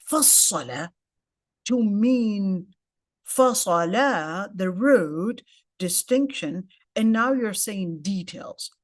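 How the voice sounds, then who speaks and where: A woman's voice: medium pitch, dry recording, clean studio sound. A woman teaching a casual lecture in English with Arabic terms mixed in, explaining step by step and often checking in with "okay?". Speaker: Quran tafseer teacher.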